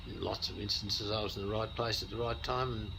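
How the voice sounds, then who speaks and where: An older Australian man in an interview, telling stories in a relaxed, anecdotal way. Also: lowish voice, fairly quick, gravelly, noisy background. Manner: anecdotal, many restarts and chuckles. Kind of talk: casual storytelling.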